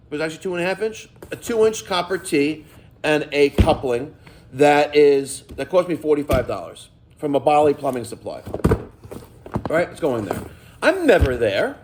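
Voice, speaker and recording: A middle-aged plumbing contractor talks straight to his viewers in a casual vlog rant. His voice sits a bit high for a man and swings widely up and down as he tells stories. He is emphatic and swears freely. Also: slight background noise. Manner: emphatic, profane, storytelling.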